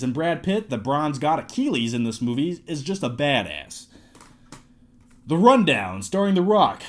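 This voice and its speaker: A man in his twenties talking casually to camera, reviewing his movie collection in a jokey, excitable way. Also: a little high. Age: 20s.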